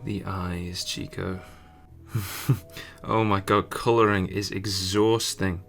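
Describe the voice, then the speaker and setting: Bright-voiced young man drawing. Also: sits low, level tone, takes it slowly, vocal fry, faint music behind. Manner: chatty, swears often, frustrated muttering. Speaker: artist streamer. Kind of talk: casual drawing commentary.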